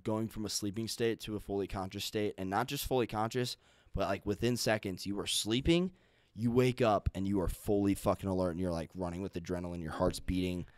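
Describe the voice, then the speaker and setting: Deep-voiced man in casual chat. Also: fairly even intonation, a little fast, no room sound. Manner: rambling, blunt, with frequent restarts. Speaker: podcast host.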